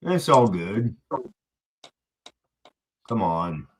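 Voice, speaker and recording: Man, laid-back stream host, slow and animated, a bit high-pitched. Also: poor audio. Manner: slow, easygoing, lots of fillers. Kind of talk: casual chat.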